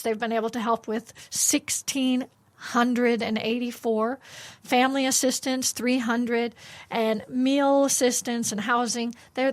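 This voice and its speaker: A woman co-hosting a faith radio breakfast show, chatting casually and often pausing with fillers. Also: on the high side. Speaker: radio co-host.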